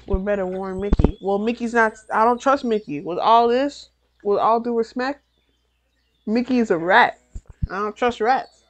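A young woman giving live gameplay commentary, excitable, jumping between loud yelps and low mutters. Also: moderate pace. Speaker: let's play gamer.

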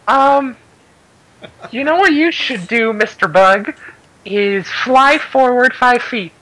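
A woman's voice: high voice, lively intonation, fairly bright tone, rough recording. A woman playing a tabletop game, joking and giggling in casual chat. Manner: playful, giggly, drawn-out speech. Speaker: player.

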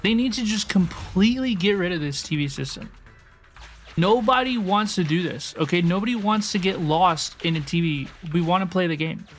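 A man's voice: high voice, normal speed, faint music behind. A man livestreaming a game, chatting with viewers, thanking subscribers and griping about the level design. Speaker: streamer. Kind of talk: casual gameplay livestream chat.

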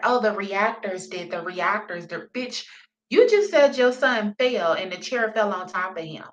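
A woman's voice: mid-range voice, fairly bright tone, rough recording. A woman giving casual reaction commentary on a video, blunt and profane, laughing often.

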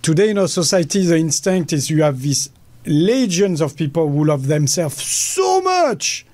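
A man's voice: a little high, normal speed, warm tone, dry recording. A man with a French accent, speaking as a guest in a passionate, blunt way. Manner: emphatic, blunt, acts out quoted voices. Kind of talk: passionate conversation.

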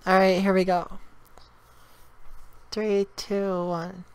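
A man's voice: high voice, completely flat delivery, slow pace, clear, resonant tone, no room sound. A man voicing a friendly young woman on a video chat who fills her talk with "like". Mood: chatty. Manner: chatty, peppered with "like".

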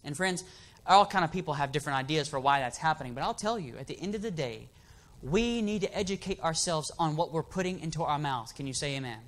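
A man's voice: a little high, expressive, fast, a bit bright. A man preaching an emphatic sermon in a church, asking the congregation for amens.

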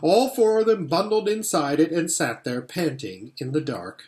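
A pastor reading a storybook aloud in an expressive, animated way, in a roomy-sounding space. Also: male voice, fairly high pitch, normal speed. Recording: roomy echo.

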